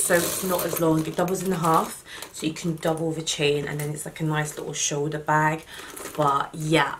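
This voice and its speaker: A woman's voice: lowish voice, slight background noise. Chatty woman vlogging gift unboxings. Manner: chatty, warm thanks, emotional at moments. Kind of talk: casual unboxing vlog.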